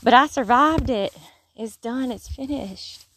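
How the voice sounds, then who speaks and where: A woman's voice: on the high side, a little slow, fairly bright tone, slight background noise. Southern woman with a Mississippi drawl. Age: adult, has kids. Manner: folksy, talks in short restarted bursts. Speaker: vlogger. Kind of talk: casual faith vlog with Bible reading. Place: outdoors in the hot countryside.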